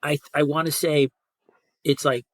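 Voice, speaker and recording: A man's voice: on the high side, level tone, unhurried, no echo, clean studio sound. A middle-aged man co-hosting a podcast, chatting casually in a rambling way with lots of fillers. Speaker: podcast co-host. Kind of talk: casual chat.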